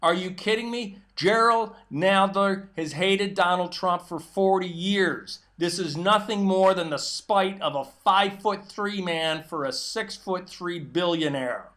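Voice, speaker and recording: High, bright-voiced ranting male commentator. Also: unhurried, hardly any pauses. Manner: emphatic, combative ranting. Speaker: political commentary host. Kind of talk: opinion monologue.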